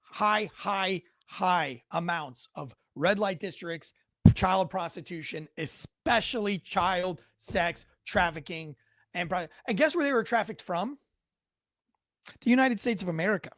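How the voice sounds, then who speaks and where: Male commentary host, slightly high voice, dry close sound, rambling, sarcastic. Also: unhurried, a bit bright, no echo. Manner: rambling, sarcastic asides, frequent self-corrections. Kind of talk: casual news commentary. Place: home.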